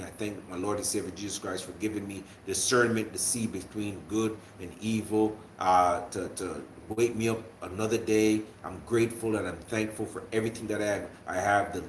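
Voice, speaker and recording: A man's voice: fairly low pitch, fairly bright tone, reverberant, a little hiss or hum. A young man from Jamaica with a light Jamaican accent, hosting a casual livestream and rambling with many restarts and fillers. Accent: Jamaican, usually toned down to an American accent. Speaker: livestream host. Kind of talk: casual livestream chat to viewers.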